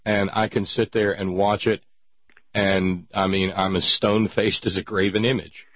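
A man's voice: deep voice, level tone, normal speed, dry recording. An older man hosting a radio talk show, with a dry, wry and thoughtful manner. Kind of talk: casual radio chat. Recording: dull dry radio audio.

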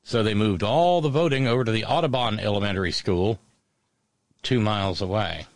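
A man hosting solo political commentary, sardonic and halting, often restarting his words. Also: on the low side, dry recording.

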